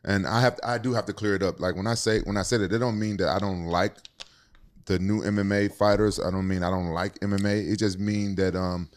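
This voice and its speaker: A man's voice: deep voice, steady tone, a little fast. A man hosting a podcast, talking in a loose, conversational way that repeats words as he goes. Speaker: podcast host. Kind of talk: casual podcast talk.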